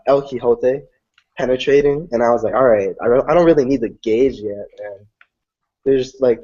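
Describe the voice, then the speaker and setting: A young man in casual chat, animatedly recounting card game matches, swearing freely and acting out what people said. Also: medium pitch. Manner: animated storytelling, swears freely, acts out quotes. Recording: dull lo-fi sound.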